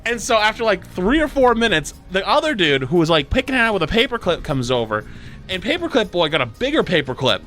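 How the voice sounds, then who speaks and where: A man's voice: high voice, brisk, faint music behind. A man streaming, casually telling a profane, exasperated story about his day. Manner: animated, profane, exasperated retelling.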